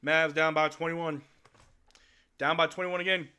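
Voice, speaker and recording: A man's voice: on the high side, flat delivery, normal speed, bright, forceful tone, clear, resonant tone. A male live-stream host giving casual fan play-by-play commentary in a blunt, exasperated, slangy way.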